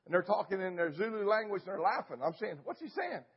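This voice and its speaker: An older male pastor with a high, husky voice tells a story from the pulpit, acting it out with punchy sound effects. The recording is dull and lo-fi. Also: fast. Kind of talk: storytelling sermon.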